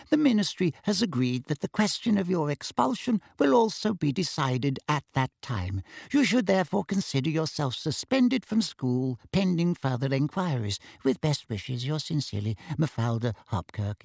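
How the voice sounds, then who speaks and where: A man voicing a formal ministry official reading out an official letter, gravelly and husky. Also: fairly high pitch, darkish tone, dry recording, studio quality, heavily acted.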